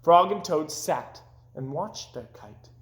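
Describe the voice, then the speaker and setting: A man reading a children's book aloud in a gentle, hushed narration. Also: on the high side, animated, slow. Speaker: storyteller. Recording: roomy echoing room.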